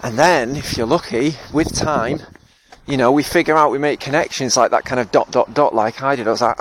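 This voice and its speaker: A man's voice: mid-range voice, fast talker, a bit bright. A man hosting a solo podcast, reflecting in a thoughtful, self-deprecating way with fillers and frequent laughs. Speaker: podcast host and therapist.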